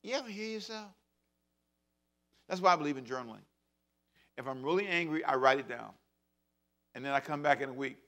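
A man in his fifties preaching a sermon as pastor, swinging between loud bursts and hushed asides. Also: a little high, animated, a little fast, pauses often. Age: 50s.

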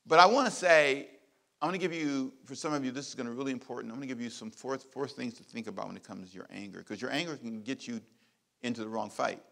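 A middle-aged man, a pastor, preaching a sermon with emphatic repeated phrases and big swings in loudness. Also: medium pitch, fast talker, vocal fry.

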